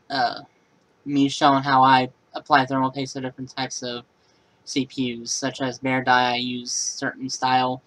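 A man with a mid-range, fairly bright voice is heard on a low-quality recording. He's a computer repair vlogger casually talking through a laptop repair in a how-to video, rambling and matter-of-fact, with many fillers and restarts.

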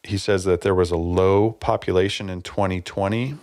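A man with a low-pitched voice hosts a podcast on his own, chatting at a moderate pace in a relaxed, somewhat rambling way with lots of filler words. The studio-quality recording is dry, with no echo.

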